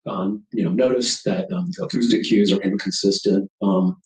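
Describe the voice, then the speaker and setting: A man giving a measured, explanatory academic conference presentation. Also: on the low side, a little mellow. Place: conference room. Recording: roomy echo.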